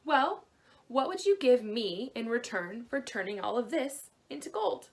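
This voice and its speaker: A tiny fairy-tale man who bargains in a high, squeaky, sly voice, as a woman storyteller puts him on. He is coaxing and crafty, and his pitch leaps upward on his questions. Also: expressive, measured pace. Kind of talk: storybook reading.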